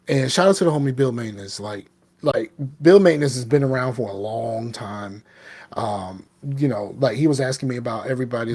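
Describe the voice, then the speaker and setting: A man's voice: mid-range voice, a little mellow. A man co-hosting a live podcast, chatting casually about video games with lots of ums and restarts. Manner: halting, lots of fillers and restarts. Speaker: podcast co-host. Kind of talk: casual gaming chat.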